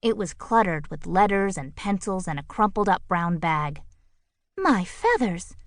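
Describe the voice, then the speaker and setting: A woman narrating a children's picture book audiobook with expressive, playful storytelling on a close studio mic. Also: on the low side, normal speed, no echo.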